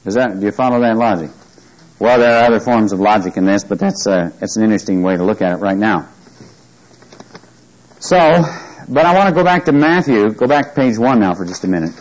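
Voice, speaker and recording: A man's voice: lowish voice, expressive, fairly quick, a little mellow, rough recording. Man teaching a Bible study. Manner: asks the listeners questions often; reads scripture aloud with emphasis.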